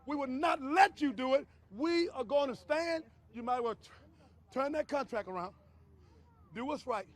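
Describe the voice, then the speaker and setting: An older man, a community activist shouting a fervent protest speech and repeating himself. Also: extremely high pitch, expressive, normal speed.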